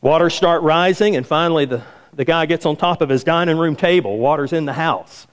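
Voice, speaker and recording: A man preaching a sermon as a pastor, telling a story and acting out the voices in it. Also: a little fast. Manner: storytelling, acts out the quoted voices in a higher pitch. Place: church sanctuary.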